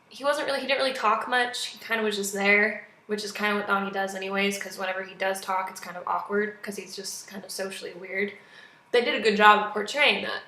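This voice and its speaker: Young woman, casual vlog reviewer, chatty and animated, bright voice, echoey room. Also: mid-range voice. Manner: chatty, animated, acts out quotes. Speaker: movie reviewer.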